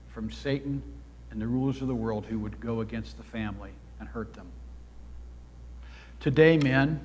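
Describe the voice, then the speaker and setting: A man delivers an earnest sermon at a middle pitch, pressing his points and rising in volume for emphasis. His voice carries a long reverb tail, as if filling a church sanctuary. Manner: earnest, exhorting, swells louder for emphasis. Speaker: pastor.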